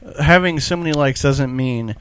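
A man's voice: mid-range voice, normal speed, fairly bright tone, smooth. A man hosting a music show, talking casually and rambling with plenty of swearing. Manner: profane, griping, offhand. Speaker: radio show host.

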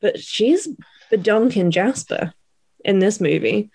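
A woman's voice: medium pitch, expressive, slow pace, vocal fry, darkish tone, breathy edge. A woman co-hosting a casual chat, telling the story in a wry, playful way. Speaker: podcast co-host.

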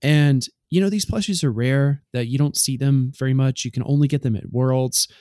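A man's voice: mid-range voice, normal speed, warm tone, no echo, clean studio sound. Rambling man telling a long story. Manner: rambling, anecdotal, many "like" and "right?" fillers. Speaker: podcast co-host. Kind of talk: casual podcast storytelling.

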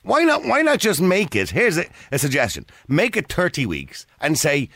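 A middle-aged man hosting a radio phone-in, blunt and opinionated, talking over his callers with quick asides. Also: a little high, wildly swooping pitch, creaky, fairly bright tone, husky, no echo, studio quality. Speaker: radio talk show host.

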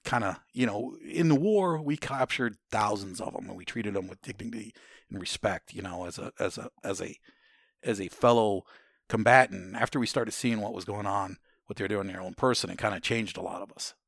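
Gravelly, low-voiced American veteran man. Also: fairly quick, dry recording, clean studio sound. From United States. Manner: rambling, with many restarts and "you know" fillers; blunt, casual swearing. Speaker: military veteran guest. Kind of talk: war storytelling in a conversation.

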